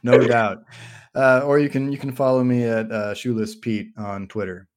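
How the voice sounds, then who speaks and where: A man co-hosting a loose podcast chat, playful and chatty with some restarts. His voice sits at an ordinary middle pitch. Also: level tone, normal speed. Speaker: podcast co-host, game designer.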